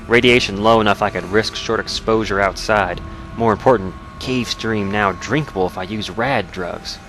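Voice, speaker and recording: Man reading as a bitter lone survivalist: deep, clipped fragments, faint Southern drawl. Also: normal speed, a bit bright, soft background music, low-quality recording. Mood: weary. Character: grieving lone male survivalist, hardened and bitter.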